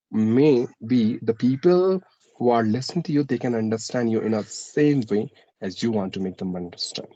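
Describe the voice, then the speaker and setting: A man with a blended Indian English accent, tinged with American and British sounds, talks at an ordinary pitch in a dry, close-sounding room. He explains things steadily, pausing often on fillers and restarting his phrases. The delivery feels like an unscripted conversation. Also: a little mellow, no room sound, rough recording. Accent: Indian English, mixed with American and British. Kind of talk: casual conversational interview.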